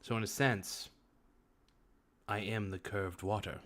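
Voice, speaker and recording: A man's voice: fairly low pitch, steady tone, slow, fairly bright tone. Joking male livestream host, off the cuff. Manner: joking, off-the-cuff, laughs often. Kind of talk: casual live-stream chat reading comments.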